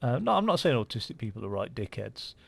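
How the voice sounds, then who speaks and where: A man's voice: mid-range voice, very animated, quick pace, gravelly, fairly bright tone, breathy edge, no echo. A man giving casual, rambling commentary while playing a game, with lots of fillers and restarts. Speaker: gaming channel host. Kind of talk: casual let's-play commentary.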